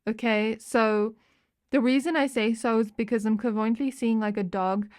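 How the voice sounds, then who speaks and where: A woman's voice: a little high, fairly even intonation, moderate pace, a little mellow. Chatty woman giving a tarot reading. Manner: chatty, meandering, fillers and restarts. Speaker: tarot reader. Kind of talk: pick-a-card tarot reading.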